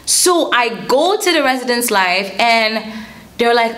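A young woman vlogger telling a story in an animated, indignant way, with casual slang. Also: on the high side, a little slow. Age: young adult. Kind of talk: storytime vlog.

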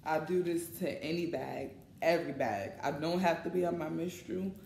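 A woman's voice: deep voice, moderate pace, creaky, a little mellow. Woman vlogging, talks to y'all real casual, echoey space w/ faint hum behind. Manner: chatty, informal, addresses viewers as y'all. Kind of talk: casual vlog chat. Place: in line at a shopping mall coffee shop.

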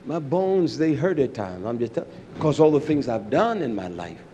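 An older man preaching an animated sermon, swinging between loud bursts and low asides. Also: normal speed, slight background noise.

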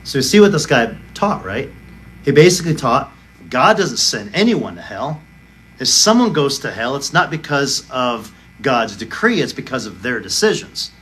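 A man's voice: medium pitch, sing-song, normal speed, fairly bright tone. A male pastor preaching a sermon, arguing emphatically and firing off rhetorical questions. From United States.

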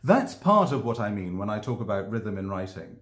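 A man's voice: fairly low pitch, very animated, fairly quick. A man talking about his own writing to camera, thoughtful and hesitant, with many ums and restarts. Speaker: author discussing his writing. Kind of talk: casual explanatory vlog. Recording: echoey room.

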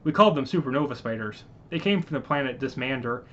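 A man's voice: medium pitch, lively intonation, fast, a bit bright. A man reading as a secretive scientist crewman. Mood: explaining. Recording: muffled lo-fi recording.

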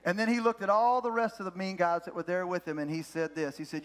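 A man with a high-pitched voice preaching a sermon from the pulpit. He tells stories with animated energy and hammers home his main phrases by repeating them slowly. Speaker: pastor. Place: church sanctuary.

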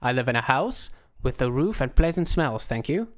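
A man voicing an eccentric young man with a deadpan, matter-of-fact delivery in an audiobook. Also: medium pitch, moderate pace, natural voice. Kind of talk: audiobook character voice.

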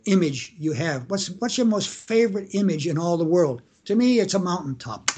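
This man has a high-pitched, animated voice with a slight roughness. He's a family lawyer from Canada, casually fielding interview questions, often breaking off to start sentences over and performing shouted examples as he goes.

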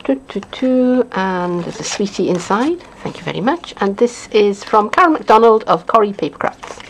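Gravelly Welsh woman chatting about crafts. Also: mid-range voice, sing-song, moderate pace, a little hiss or hum, poor audio. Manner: chatty, rambling, with frequent fillers and chuckles. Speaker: craft demonstrator. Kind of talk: casual unboxing chat.

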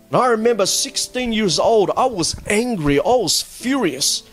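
A man giving a personal church testimony. He speaks earnestly and haltingly, often repeating words as he goes. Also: high voice, animated. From Australia. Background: faint background music.

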